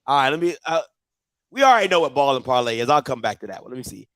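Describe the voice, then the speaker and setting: A man hosting a live stream, reacting loudly and excitedly to video clips. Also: mid-range voice, fast talker, no echo. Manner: excitable, shouting and laughing at clips. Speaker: host.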